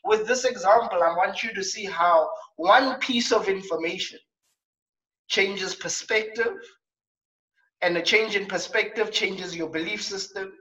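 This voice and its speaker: A South African man hosting a coaching talk show, telling stories in a lively way with acted asides. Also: sits high, reverberant, distant mic, lo-fi sound. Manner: animated storytelling with acted asides.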